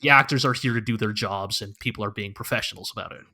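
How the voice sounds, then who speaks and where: A man's voice: fairly low pitch, fast talker, sharp tone. A man co-hosting a podcast in casual chat, talking loosely with lots of filler words and tag questions. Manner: loose and rambling, lots of "like" and "right?". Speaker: podcast co-host.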